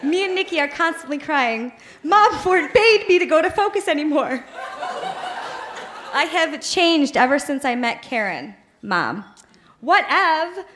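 A woman's voice: very high-pitched, a bit bright. A woman reading her teenage journal aloud on stage at a live show, in a pleading, melodramatic way. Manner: pleading, melodramatic teen outbursts. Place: live bar venue.

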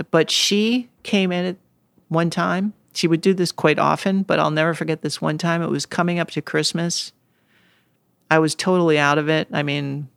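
This middle-aged woman, a guest in a casual interview, reflects earnestly on her experiences, occasionally laughing and at times choked up. She speaks low with vocal fry, and the studio-quality recording carries no echo.

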